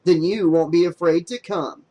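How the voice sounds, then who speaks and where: A man doing a loud, jumpy young guy. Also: on the high side, moderate pace, lightly acted. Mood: excited, teasing. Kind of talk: audiobook character voice.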